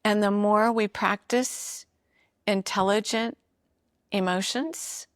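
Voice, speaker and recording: Woman podcast host, earnest and encouraging, unhurried delivery, dry close sound. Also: mid-range voice, fairly even intonation, no echo. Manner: earnest, encouraging, speaks directly to listeners. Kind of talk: motivational talk on emotions.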